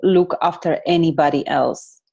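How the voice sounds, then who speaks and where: A woman's voice: low-pitched, moderate pace, vocal fry, a little mellow, breathy edge, muffled recording. A woman hosting a workshop, affirming her guest enthusiastically. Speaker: workshop host. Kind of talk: casual chat.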